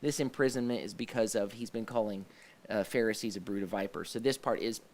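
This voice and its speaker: A man's voice: lowish voice, fairly quick. A man hosts a casual discussion about a faith-based series. He rambles, trails off and restarts his sentences, with plenty of fillers along the way. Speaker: host of a church discussion show.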